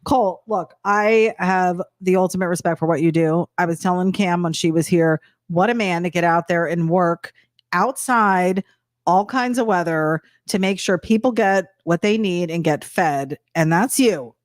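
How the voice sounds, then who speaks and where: A woman's voice: on the low side, moderate pace, dry recording, clean studio sound. A woman co-hosting a casual live stream from home, chatting playfully, laughing often and reading viewer comments aloud. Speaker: co-host of a live art stream.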